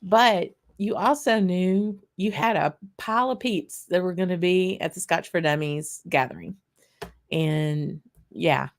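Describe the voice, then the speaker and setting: Low-voiced woman hosting a whisky stream. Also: measured pace. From Louisiana, USA. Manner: chatty and rambling, laughs often, greets viewers. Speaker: host of a whisky livestream. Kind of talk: casual live tasting chat.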